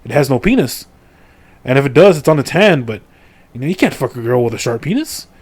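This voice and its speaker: A man's voice: mid-range voice, big pitch swings, brisk, darkish tone, slightly rough. A middle-aged man casually recapping a video game's story, rambling with crude jokes, heavy swearing and lots of fillers. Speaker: gaming video creator.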